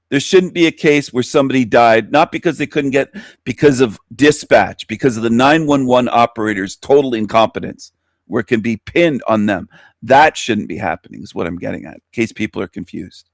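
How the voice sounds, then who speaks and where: A furious man on his radio show, cursing and circling back to his point. His voice is mid-pitched and sits in a dry, close recording with no room sound. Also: no room sound. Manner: heated, swearing, repeats himself. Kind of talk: angry profane radio rant.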